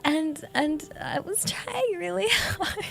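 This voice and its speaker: A woman's voice: very high voice, expressive, slow pace, vocal fry, fairly bright tone. A British woman streamer chatting casually, rambling and giggling, with lots of fillers. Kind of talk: casual chat.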